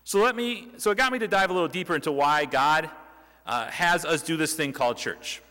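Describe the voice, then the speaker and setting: In a church sanctuary, a young preacher gives a sermon in a bright voice pitched slightly higher than usual, moving a little fast. He stays conversational, posing rhetorical questions and restarting sentences, while his words echo with a long reverb through the hall.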